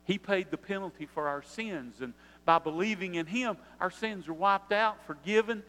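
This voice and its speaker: Older male pastor, high-pitched sermon voice, long hall reverb. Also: normal speed, fairly bright tone. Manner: preaching with rising emphasis and repetition.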